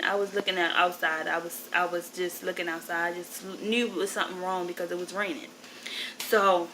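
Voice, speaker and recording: A woman's voice: fairly low pitch, pushed and bright, a little hiss or hum, low-quality recording. A woman in her twenties, upset and grieving, telling a rambling personal story to camera and often correcting herself. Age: 20s. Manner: rambling, emotional, self-correcting. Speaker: vlogger.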